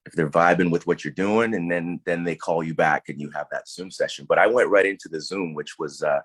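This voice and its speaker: A man's voice: deep voice, brisk, a bit bright, breathy edge, no room sound. A man, an actor, answering interview questions in a casual, thoughtful way with many fillers and restarts.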